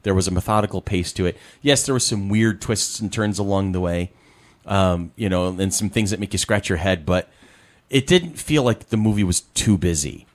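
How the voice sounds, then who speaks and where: A man in casual film chat, talking in a lively, rambling way with lots of "you know". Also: sits low, moderate pace. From Rochester, New York area. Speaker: podcast co-host. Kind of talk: casual chat about films.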